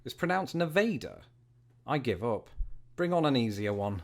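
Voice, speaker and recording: A man's voice: mid-range voice, sing-song, normal speed, vocal fry, background noise. A British man in his thirties giving scripted, dryly humorous narration. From Britain. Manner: wry, dry, wordy humor. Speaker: video narrator.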